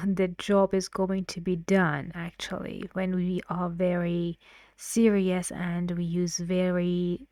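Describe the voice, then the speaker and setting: Slow, patient woman teaching English. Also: medium pitch, darkish tone, no room sound, clean studio sound. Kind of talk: explaining an intonation lesson.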